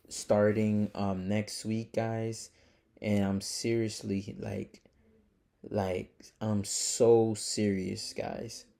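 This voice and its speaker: A young man speaking to camera in a casual confessional vlog, with a gravelly, low and mellow voice that stays fairly flat. He rambles, restarts and keeps calling his viewers "guys" and "man". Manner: rambling, filler-heavy, earnest; calls the audience "guys" and "man". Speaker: trading vlogger.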